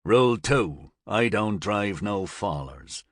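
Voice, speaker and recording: A man doing a gruff, blunt smuggler. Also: on the low side, lively intonation, takes it slowly, dry recording, studio quality. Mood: menacing. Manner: blunt, curt, drawling.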